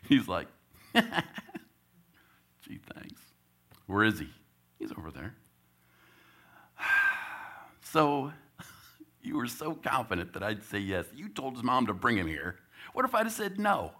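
A man's voice: medium pitch, slow pace, long pauses. A middle-aged man, a church elder, telling a story in a sermon, chuckling often and acting out the voices of the people in it. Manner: animated, laughs often, acts out quotes.

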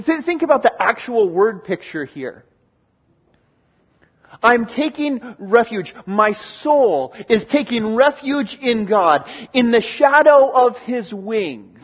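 A man with a high, light voice preaches to his congregation in an earnest, emphatic way, circling back to key phrases again and again. The recording is dull and somewhat lo-fi, with the top end muffled. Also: animated, slow pace. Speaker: pastor. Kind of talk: sermon. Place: church in Oregon.

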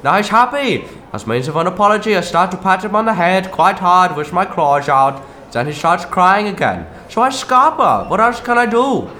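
A man heavily acts out a horned, fanged Christmas demon in a comedy sketch, with a high, sharp voice swinging widely in pitch. The character is aggrieved and grumbling, gruff, full of self-pity and quick to anger.

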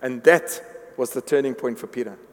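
A man's voice: medium pitch, normal speed. A man preaching a sermon to his congregation, earnest, often repeating words as he builds a point. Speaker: pastor. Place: church hall. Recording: long reverb of a large hall.

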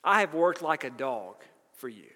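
A man's voice: a little high, lively intonation, normal speed, pushed and bright. A male pastor preaching a sermon, explaining scripture with an emphatic, earnest teaching tone. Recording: long reverb of a large hall.

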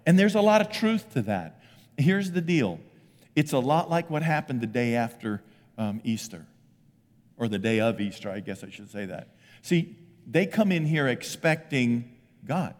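A middle-aged man preaching a lively sermon as pastor, often breaking into loud acted voices. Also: medium pitch, normal speed, in a large hall. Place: church sanctuary.

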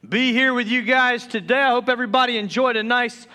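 High, smooth-voiced joking pastor. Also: male voice, brisk. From Deep South of the US. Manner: joking, excitable, stumbles and restarts when excited. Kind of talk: sermon.

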